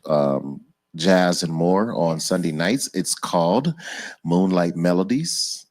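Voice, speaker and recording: Deep-voiced enthusiastic male podcast host. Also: darkish tone. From Los Angeles. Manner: enthusiastic, effusive praise. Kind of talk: casual podcast chat.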